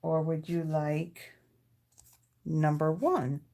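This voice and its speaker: A woman's voice: deep voice, fairly even intonation, extremely slow, mellow. A woman hosting a live card-making stream, chatting casually with viewers and talking them through her table as she tidies up. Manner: chatty, thanks viewers by name, talks while tidying her desk. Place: home craft studio.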